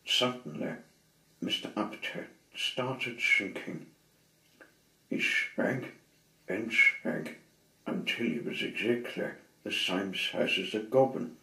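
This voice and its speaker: A man reading a children's story aloud with dramatic pauses and expressive delivery. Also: fairly low pitch. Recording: roomy, slightly distant mic.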